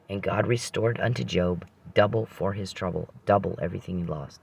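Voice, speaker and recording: Gravelly low-voiced man telling stories. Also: a little fast, few pauses, darkish tone. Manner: meandering, restarts often, religious reflection. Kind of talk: rambling personal storytelling.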